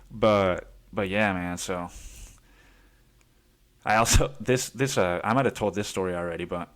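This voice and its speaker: A man's voice: deep voice, unhurried, long pauses, a bit bright. A man hosting a podcast, telling a rambling story in a casual chat style, laughing often and swearing freely. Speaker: podcast host.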